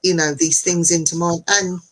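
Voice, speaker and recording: A woman guest talking from home on a video call, chatty and animated, often laughing as she tells her stories. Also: on the low side, normal speed, low-quality recording. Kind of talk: casual conversation.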